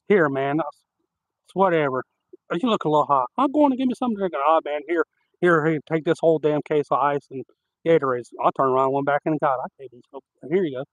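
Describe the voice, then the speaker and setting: A man telling rambling, animated stories on a live stream, outdoors at night. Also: fairly high pitch, no echo, low-quality recording. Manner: rambling, animated anecdotes with laughter. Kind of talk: casual outdoor storytelling.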